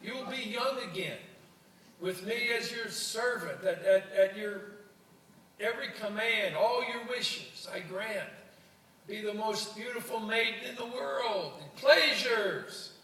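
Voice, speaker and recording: A man voicing a pushy female talking frog in a joke, high-pitched and insistent, heard from a distant mic in a roomy hall. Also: slow, pushed and bright, a little hiss or hum, exaggerated voice. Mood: coaxing.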